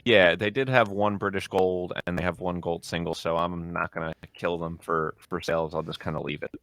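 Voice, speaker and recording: A man's voice: low voice, steady tone, brisk, a bit bright, no room sound. A man co-hosting a casual music review podcast, upbeat and chatty. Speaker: podcast co-host.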